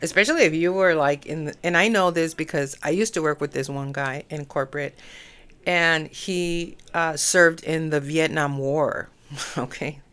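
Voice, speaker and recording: Woman, middle-aged, astrology podcast host, low voice, casual rambling monologue, lots of fillers. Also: moderate pace, fairly bright tone, smooth. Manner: chatty, many fillers like "you know".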